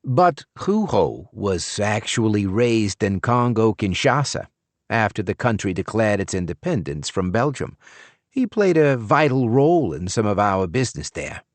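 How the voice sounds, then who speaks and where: A smooth, courteous older businessman, played by a male narrator, speaks in a lively, polished voice. The audiobook read is dry and close. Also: on the low side, dry recording.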